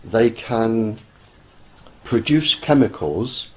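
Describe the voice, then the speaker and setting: A man, speaking as an interview guest in an earnest, deliberate way with many pauses and fillers. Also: lowish voice, lively intonation. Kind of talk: slow conversational explanation.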